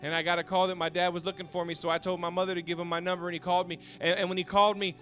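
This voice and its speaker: A pastor giving an emotional personal testimony sermon, moving from hushed storytelling to shouted passion and stumbling over repeated words when moved, with soft music behind. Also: male voice, sits high, flat delivery, racing.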